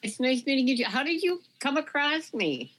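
An older woman speaking gently as an interview guest. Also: high voice, big pitch swings, normal speed, slight background noise, rough recording. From Minnesota. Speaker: guest elder and storyteller. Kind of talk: interview conversation.

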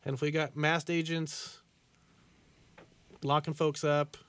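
A man hosting a podcast, chatting casually with fillers and deadpan jokes. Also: on the high side, slow pace, clean tone. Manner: joking deadpan, rambling with fillers. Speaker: podcast host.

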